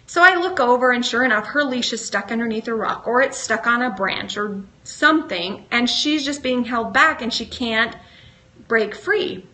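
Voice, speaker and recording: A middle-aged woman with a high, bright voice gives a live motivational talk straight to her viewers. She coaches in an earnest way and keeps putting questions to them. Her tone stays clear and lifted. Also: lively intonation, moderate pace. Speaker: motivational speaker.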